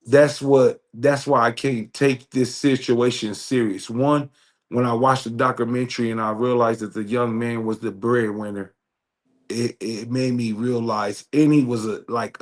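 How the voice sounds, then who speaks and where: Podcast co-host, male, earnest and preachy, average pitch, repeats himself. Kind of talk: casual chat.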